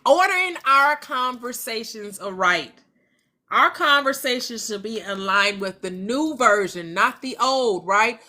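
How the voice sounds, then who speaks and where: A woman's voice: a little high, lively intonation, unhurried, bright, forceful tone. A woman hosting a casual motivational talk, chatting and acting out imagined conversations. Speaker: manifestation channel host.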